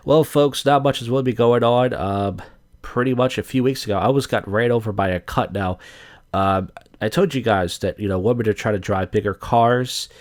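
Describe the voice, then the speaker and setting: A man's voice: fairly low pitch, normal speed. Crude rambling man in his thirties. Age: 30s. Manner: crude, profane, digressive with many fillers. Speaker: podcast host. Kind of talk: casual rambling monologue.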